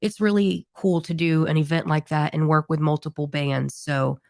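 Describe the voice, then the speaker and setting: This band singer in her thirties co-hosts a podcast, keeping the talk casual, chatty and wandering. Her low voice is gravelly and a little mellow, with fairly even intonation and a moderate pace, recorded cleanly in a studio without echo.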